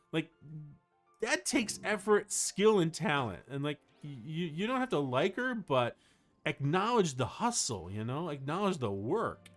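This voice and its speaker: A man livestreaming, chatting casually with his viewers in a rambling, excitable way, full of fillers. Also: medium pitch. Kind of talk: casual chat to a live chat.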